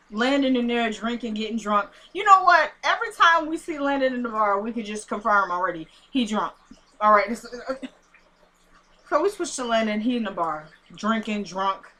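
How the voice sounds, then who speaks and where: Bright, animated woman recapping a show. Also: fairly high pitch, moderate pace. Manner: animated, indignant retelling with acted-out quotes. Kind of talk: casual episode recap.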